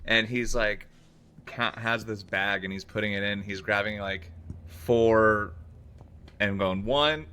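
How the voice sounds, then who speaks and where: A man's voice: on the low side, flat delivery, slow, bright, forceful tone, clean tone. A man co-hosting a podcast, chatting casually and chiming in with short reactions. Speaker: podcast co-host. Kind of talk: casual chat.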